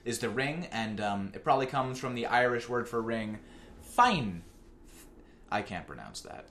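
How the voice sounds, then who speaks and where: A man's voice: mid-range voice, big pitch swings, moderate pace, a bit bright, a little hiss or hum. A man hosting a comedy podcast, playful and chatty, reading out old slang words. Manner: playful, reads word lists aloud. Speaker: podcast host. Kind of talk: casual comedic podcast banter.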